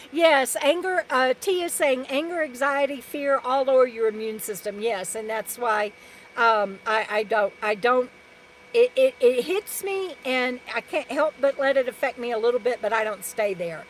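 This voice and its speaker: Woman, RV vlogger, light high voice, rambling live chat, faint noise behind. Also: moderate pace, low-quality recording. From Texas. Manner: rambling and chatty, many restarts and fillers. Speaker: RV lifestyle vlogger. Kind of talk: live stream chat reading viewer comments.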